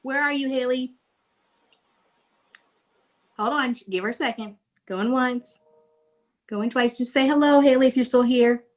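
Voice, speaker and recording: A woman's voice: high voice, fairly even intonation, a little slow, long pauses. A middle-aged woman hosting a virtual conference live-stream with giveaways, talking in an effusive way and laughing often.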